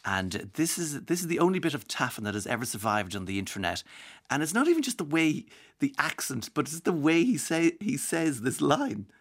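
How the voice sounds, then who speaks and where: An Irish man hosts a radio show, chatting casually in a wry, talkative manner and now and then slipping into mock accents. His voice is a little high and sing-song, brisk and slightly bright.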